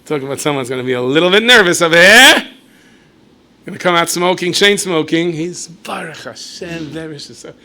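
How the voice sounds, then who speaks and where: Lively male rabbi storyteller, raised pitch, bright ringing tone. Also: a little fast. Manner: animated, lapses into playful asides and acted dialogue. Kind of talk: storytelling lecture.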